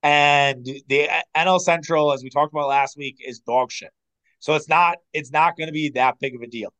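Animated midwestern guy talking baseball. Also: on the high side, rough recording. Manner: animated, opinionated, quick asides and swearing. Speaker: podcast co-host. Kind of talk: casual sports podcast chat.

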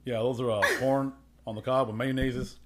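A man's voice: mid-range voice, flat delivery, moderate pace. A man hosting a podcast in casual chat, joking around with crude humor. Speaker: podcast host.

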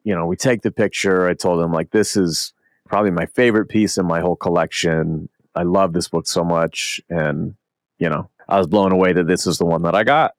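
A young man co-hosting a podcast, telling a story in casual chat, animated and swearing a lot as he acts out what people said. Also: low-pitched, fairly quick, dry recording. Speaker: podcast co-host.

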